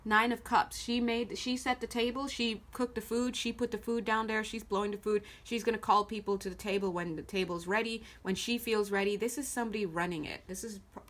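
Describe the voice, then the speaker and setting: This tarot reader is a woman with a medium-pitched, slightly bright voice and a steady tone, speaking a little fast with few pauses. Giving a casual reading at a table, she is blunt and swears freely, her intonation swinging a lot. The sound comes from a camera pointed at the cards on the table.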